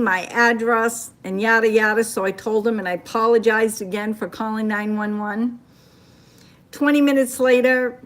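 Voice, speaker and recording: Older chatty woman from Maine. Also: on the high side. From Maine, USA. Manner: chatty storytelling, reacting to comments. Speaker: livestream host reading viewer comments. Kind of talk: casual livestream chat. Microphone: phone.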